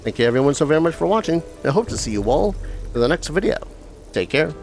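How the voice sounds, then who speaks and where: A man's voice: a little high, sing-song, fast talker, a little mellow, faint music behind. A man hosting a let's play, giving casual, rambling gameplay commentary with joking asides. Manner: rambling, joking asides, reads game text aloud.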